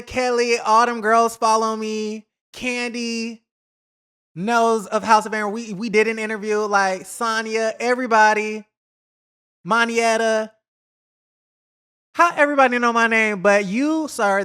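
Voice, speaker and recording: A man hosting a celebrity gossip vlog, talking in a chatty, animated way, throwing shade and mimicking people he talks about. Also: sits high, clean tone. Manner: says y'all, drawn-out emphasis. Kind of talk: casual gossip commentary.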